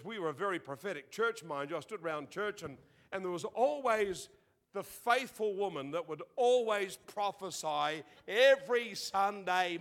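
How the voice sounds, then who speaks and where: A man preaching a sermon, telling a story in a lively way and acting out the quotes. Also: high voice. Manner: animated storytelling, acts out quotes, laughs often.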